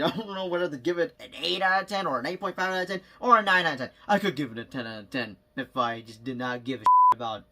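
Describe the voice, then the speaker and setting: A young man with a high, bright voice chats casually into his phone at home. He rambles excitedly and laughs often, jumping between thoughts. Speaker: vlogger. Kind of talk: casual movie vlog chat.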